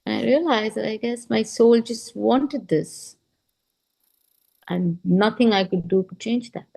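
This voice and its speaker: Middle-aged woman from india on a video call, mellow voice, chatty, acts out the convo as she goes. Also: a little high, slow pace, gravelly, poor audio. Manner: animated, re-enacts quoted dialogue with "I'm like". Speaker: interview guest. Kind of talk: casual storytelling interview.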